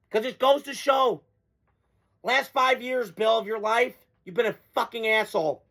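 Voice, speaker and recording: A man's voice: extremely high pitch, normal speed, vocal fry, a bit bright. A man hosting a sports talk show, delivering a blunt, profane, mocking monologue.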